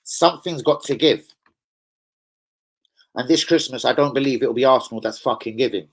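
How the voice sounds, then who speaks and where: A man's voice: medium pitch, normal speed, gravelly. A man ranting angrily on a live stream as a football fan streamer, swearing heavily and getting worked up. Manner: angry, profane, heated.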